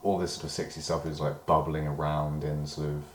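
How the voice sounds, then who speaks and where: A man's voice: extremely low pitch, completely flat delivery, brisk, echoey room, slight background noise. A British man in a rambling personal diary monologue, meandering and hedging, swearing when he gets worked up. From Britain. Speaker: diary vlogger.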